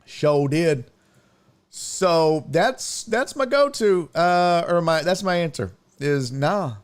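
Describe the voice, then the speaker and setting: A man's voice: a little high, animated, slow, smooth. A man hosting a casual sports show, ranting and rambling with lots of swearing. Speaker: sports podcast host.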